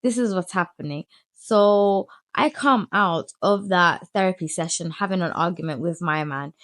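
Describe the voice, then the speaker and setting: Woman in her 30s, low gravelly voice, swears a lot telling her story. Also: no echo. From United Kingdom. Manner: blunt, swears freely, animated retelling. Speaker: vlogger. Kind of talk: storytime vlog.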